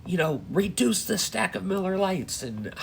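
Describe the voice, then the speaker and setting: Man, middle-aged, casual dream storytelling, profane, rambling, fillers, slightly higher voice, faint hiss. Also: very animated, normal speed, creaky. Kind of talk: casual spoken dream recounting.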